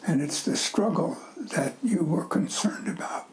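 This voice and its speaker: An older man giving a slow, halting interview answer that drops into whispers. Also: sits high, vocal fry, darkish tone, low-quality recording.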